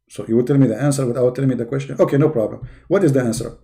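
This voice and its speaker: Sarcastic male host with a mellow voice. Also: medium pitch, vocal fry. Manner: sarcastic, with slow, drawn-out questions. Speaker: video host. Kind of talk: mocking commentary with a comic skit.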